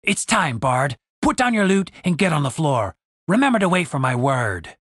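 A man's voice: fairly high pitch, very animated, moderate pace, a bit bright, husky, dry recording, clean studio sound, full character voice. Man voicing a cocky half-elf fighter. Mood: commanding. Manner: curt, commanding, sly.

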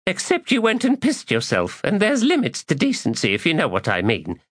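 A man's voice: a little high, huge pitch swings, brisk, no echo, clean studio sound, voice pushed up. A man voicing a crude, mocking female mercenary.

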